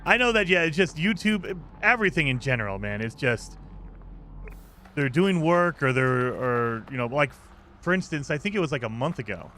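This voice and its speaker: Bright-voiced rambling male game streamer. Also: a little high, animated, normal speed, slight background noise. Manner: rambling, ranting, reads chat aloud. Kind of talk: casual live-stream chat.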